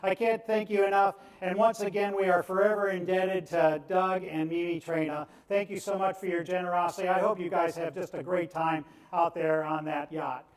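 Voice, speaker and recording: High-voiced man calling a charity auction. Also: steady tone. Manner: rapid rhythmic bid chant, cajoling bidders. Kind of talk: live auction bid calling. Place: event venue on the Gulf coast. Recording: echoey room, voice from off-mic.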